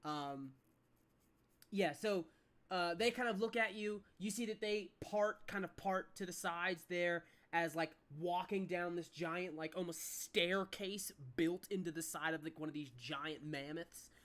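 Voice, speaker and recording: Describing a tabletop game scene, this game master speaks at mid pitch, a little slowly, with a fairly bright tone. The delivery is off the cuff and meandering, packed with fillers as the words come.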